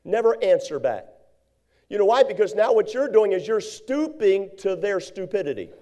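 A man's voice: sits high, very animated, moderate pace, warm tone. A male preacher delivering a sermon, reading old-style Bible verses and acting out quoted people. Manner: preachy, acts out quoted voices, reads King James verses.

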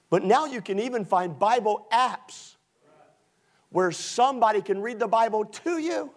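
A male preacher delivering a sermon, emphatic and full of rhetorical questions, swinging from loud shouts to low quiet asides. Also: animated, normal speed.

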